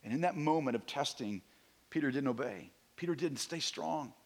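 A male pastor preaching a Sunday morning sermon, moving between hushed, intimate passages and emphatic, rising declarations. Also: mid-range voice, lively intonation, normal speed. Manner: swings from hushed to emphatic, repeats words when building a point.

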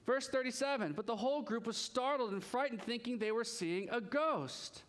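A male pastor with a high-pitched voice delivers a relaxed, conversational sermon. He sounds chatty and animated and jokes easily with his congregation. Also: normal speed.

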